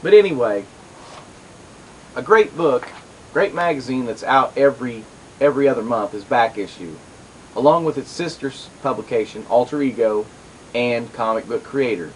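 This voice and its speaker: A man's voice: medium pitch, normal speed, a little hiss or hum, low-quality recording. A middle-aged man hosting a comics show, rambling through casual commentary with lots of asides and restarts.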